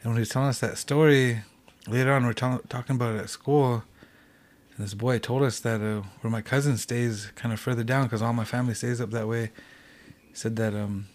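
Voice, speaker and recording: A man's voice: mid-range voice, steady tone, a little fast. A young man from the Cheyenne Reservation telling a ghost story in a loose, rambling way as a podcast guest. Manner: rambling, full of "like" and "he said".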